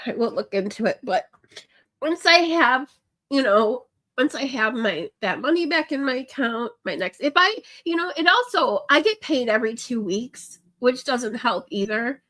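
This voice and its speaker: A woman's voice: a little high, lively intonation, normal speed, a bit bright. Tearful woman venting on a livestream. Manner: ranting, emotional, many restarts and fillers. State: crying. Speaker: livestream host. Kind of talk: casual chat with viewers.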